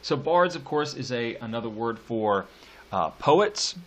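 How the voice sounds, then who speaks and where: Man, teacher, poetry lecture, slow deliberate delivery, drawn-out stresses, casual asides. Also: medium pitch, expressive. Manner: reads verse slowly with drawn-out stresses, casual asides between.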